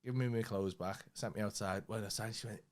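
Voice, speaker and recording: A man's voice: lowish voice, steady tone, a little fast. A young man, co-hosting a casual podcast and telling rambling, sweary anecdotes. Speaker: podcast co-host. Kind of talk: casual chat, storytelling.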